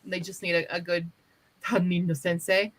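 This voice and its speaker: A woman in casual chat, an animated storyteller who swears freely and acts out quotes. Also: fairly low pitch, normal speed, poor audio.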